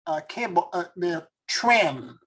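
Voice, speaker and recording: A man's voice: sits high, lively intonation, measured pace, a bit bright, slightly rough, low-quality recording. A man, a spiritual teacher and former tarot reader, telling a story in an earnest, reflective and emotional way.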